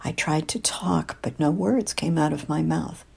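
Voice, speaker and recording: An older woman narrates a first-person story in a wry, confiding way, slipping into whispers at times. Her voice is low and dark, with a strong gravelly fry and a husky, breathy grain. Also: measured pace. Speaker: audiobook narrator.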